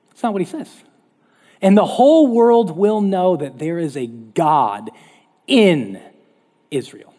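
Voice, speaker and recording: A male pastor preaching a lively, conversational sermon. His voice is somewhat high, husky and mellow, and it swings up and down. A long hall reverb trails after his words. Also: slow, pauses often.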